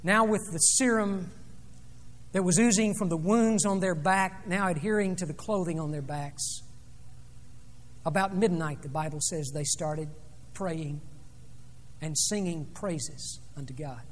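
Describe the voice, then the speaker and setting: A man preaching a sermon, retelling a scripture story dramatically, rising loud and dropping soft. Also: sits high, unhurried, pauses often. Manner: dramatic storytelling with sweeping swings in loudness. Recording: long reverb of a large hall.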